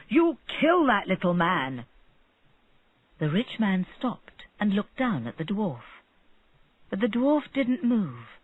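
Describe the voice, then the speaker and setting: Slow husky storybook narrator. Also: medium pitch, no echo. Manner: slow, clear storytelling for learners. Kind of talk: slow graded-reader narration. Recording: narrow phone-like sound.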